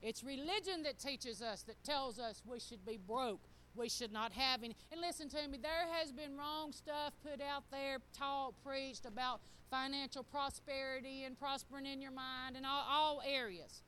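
A middle-aged woman, preaching in an animated, folksy storytelling style. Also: sits high, moderate pace, few pauses, a little hiss or hum. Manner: animated, folksy, acts out quotes. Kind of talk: storytelling sermon.

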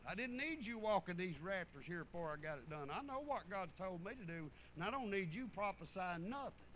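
Fervent folksy preacher man, high bright voice. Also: animated, a little fast, a little hiss or hum, poor audio. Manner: folksy, swings from fervent loud preaching to low muttered asides. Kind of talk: sermon.

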